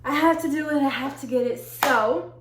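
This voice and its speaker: A young woman, excitable and gushing, talking slangy through a casual unboxing vlog. Her voice sits a little high, and the room around her rings with echo over a faint hiss. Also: normal speed. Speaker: vlogger.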